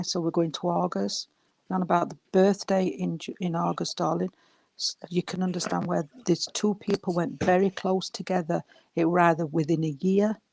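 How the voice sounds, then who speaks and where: A woman gives a spiritualist reading. Her voice is low and gravelly, and the sound is dry. She talks directly and chattily, calling the listener darling and sweetheart. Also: no echo. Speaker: spiritualist medium. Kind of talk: mediumship reading in an online service.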